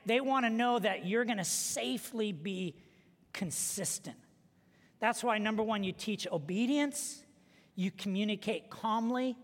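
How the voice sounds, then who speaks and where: A male pastor with a very high, bright voice delivers a sermon full of lively stories and humor. His voice rings out with a long reverb in a large church hall. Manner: animated storytelling with humor.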